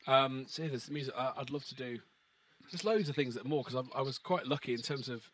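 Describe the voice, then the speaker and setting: A man in his thirties talks casually on a podcast, stopping and restarting his thoughts. His voice is slightly husky, with a middle pitch. He talks like a teacher who also makes music. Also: a bit bright, no echo. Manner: hesitant, many restarts, reads poetry slowly and measured. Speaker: guest, beatboxer and English teacher.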